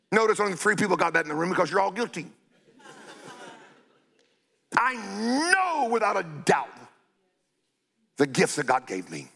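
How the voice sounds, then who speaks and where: Older man preaching a scolding sermon, high and gravelly, blunt with drawn-out shouted emphasis.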